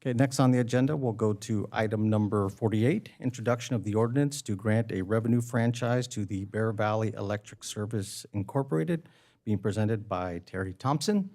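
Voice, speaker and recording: A man's voice: lowish voice, brisk, darkish tone. A man chairing a county board meeting, polite and procedural as he moves through the agenda.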